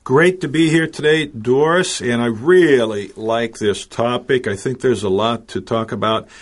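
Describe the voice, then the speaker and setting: A man co-hosting a radio panel show, upbeat and animated with a playful streak. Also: medium pitch, a little slow.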